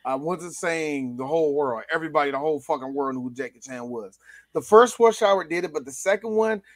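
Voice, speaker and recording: Animated, profane podcast host man. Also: on the high side, a little fast, no room sound. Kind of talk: casual chat.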